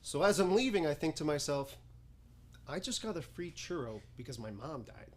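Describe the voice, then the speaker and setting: A man's voice: a little high, very animated, normal speed. A man playing a dry, sardonic, weary guy. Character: sardonic, weary man venting about his bad day. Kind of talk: stage comedy monologue. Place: acting studio stage before an audience.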